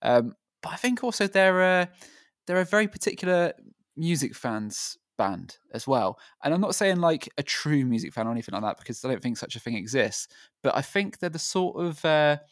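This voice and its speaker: A man co-hosting a casual music podcast, speaking in a thoughtful, measured way with some hedging fillers. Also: fairly high pitch, sing-song, no echo, studio quality. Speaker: podcast co-host.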